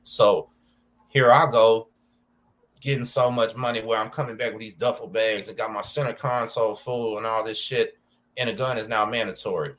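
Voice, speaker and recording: A man's voice: on the low side, fairly even intonation, normal speed, fairly bright tone. A man with a Texan accent hosting a podcast, talking casually in laid-back street slang. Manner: laid-back street slang, calls listener dog and bro. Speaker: podcast host. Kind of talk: casual conversation about prison life.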